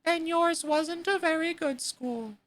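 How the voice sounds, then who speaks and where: A woman voicing a melancholy old male Mock Turtle, drawing out her words slowly with sighs. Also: extremely high pitch, voice pushed up. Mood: mournful. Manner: slow, drawn-out, sighing delivery.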